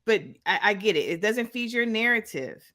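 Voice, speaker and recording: A woman's voice: a little high, expressive, moderate pace, pushed and bright. A woman calling into a show, arguing firmly and insisting on getting her point across. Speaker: call-in guest. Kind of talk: heated debate.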